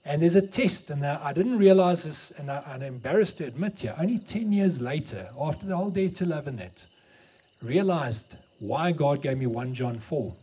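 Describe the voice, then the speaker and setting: A man's voice: fairly high pitch, expressive, moderate pace, mellow, slightly rough. A middle-aged South African man with an Afrikaans accent, preaching a sermon and telling a story, mixing English and Afrikaans.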